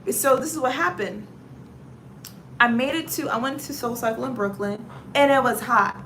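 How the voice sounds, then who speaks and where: Animated Southern woman, bright voice. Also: a little high, moderate pace, a little hiss or hum. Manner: animated storyteller with dramatic exclamations. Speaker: livestream host. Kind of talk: casual chat, reading viewer comments.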